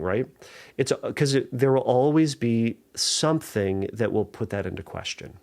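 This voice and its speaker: A middle-aged man with a medium-pitched, darkish voice hosts a solo podcast as a therapist. He gives earnest, reassuring advice, thinking aloud with small restarts.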